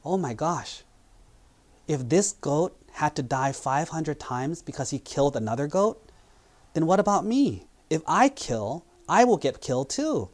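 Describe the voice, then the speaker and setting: A man's voice: a little high, sing-song, moderate pace, a little mellow. A man playing a wealthy Brahmin father in a spoken parable, exclaiming in a raised voice. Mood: alarmed. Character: rich powerful Brahmin father, startled and fearful.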